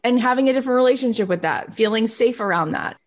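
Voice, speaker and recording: A woman's voice: fairly high pitch, lively intonation, fast. A woman podcast host sharing a personal story openly and emotionally, rambling and using many filler words. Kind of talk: conversational interview.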